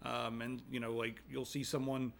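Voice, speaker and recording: A young man co-hosting a casual chat show, telling stories animatedly and dropping into quick impressions. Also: medium pitch, gravelly. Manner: animated storyteller who slips into quick voice impressions. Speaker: co-host.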